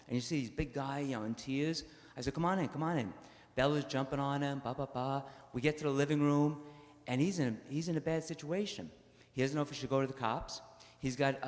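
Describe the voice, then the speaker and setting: Male parish priest, mid-pitched voice, telling stories in a homily, long church reverb. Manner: storytelling, acts out quotes, many "uh" fillers. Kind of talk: conversational homily.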